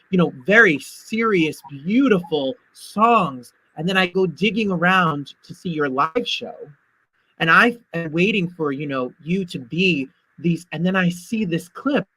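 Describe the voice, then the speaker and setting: A male talk show host asks long, enthusiastic, rambling questions. His voice is bright and slightly high. The sound is dry and close, with no room around it. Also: dry recording, poor audio.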